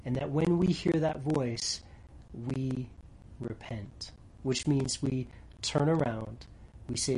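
A man preaching a sermon earnestly, dropping to soft near-whispers for tender lines and rising loud when reading scripture. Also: mid-range voice, slow pace, slightly rough, poor audio. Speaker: pastor.

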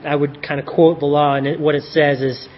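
A man preaches a sermon in a relaxed, conversational way and slips in joking asides. His voice sits fairly high and sounds husky. The recording is dull and lo-fi. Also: a little fast.

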